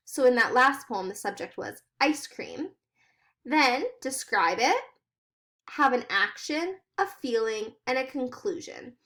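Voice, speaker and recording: A woman teacher giving a recorded lesson to fourth graders, explaining each step clearly and encouragingly. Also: on the high side, fairly bright tone.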